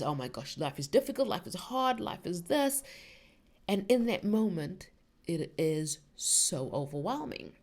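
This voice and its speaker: A woman's voice: on the low side, darkish tone. A middle-aged woman hosting a podcast, talking casually and rambling with lots of fillers and restarts about spiritual ideas. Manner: chatty, rambling, many "like"s and restarts. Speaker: podcast host.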